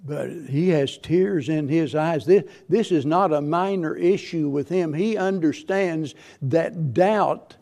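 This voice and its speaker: A man's voice: on the high side, slow pace, gravelly, hardly any pauses, dark tone. A man preaching a church sermon with earnest, repetitive phrasing and frequent restarts. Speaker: pastor.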